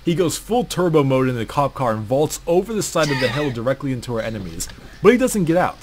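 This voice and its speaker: A man's voice: medium pitch, very animated, fast talker, a little hiss or hum. Crude sarcastic male storyteller. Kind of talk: comedic story narration about an online game.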